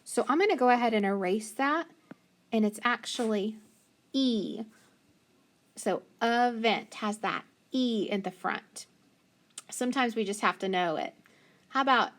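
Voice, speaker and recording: A woman teaching a phonics lesson, slowly and patiently sounding out letters and syllables. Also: medium pitch.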